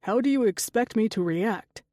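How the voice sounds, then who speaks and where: A woman's voice: a little high, expressive, moderate pace, darkish tone, dry recording, close to an everyday voice. A woman reading the part of a teasing young male panther-shifter tattoo artist, wry and chatty, in an audiobook.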